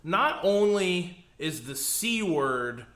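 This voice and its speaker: An American man co-hosting a podcast, chatting casually as an animated, playful storyteller who swears. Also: high-pitched, slow pace. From United States. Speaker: podcast co-host. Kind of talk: casual chat. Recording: echoey room.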